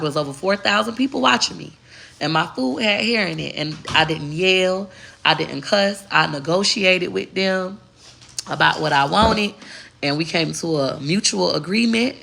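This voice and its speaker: A woman's voice: lowish voice, vocal fry, pushed and bright, slight background noise. A woman content creator in a casual, heavily profane vlog rant, talking straight to her viewers and moving between slang and a proper voice. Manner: emphatic and preachy.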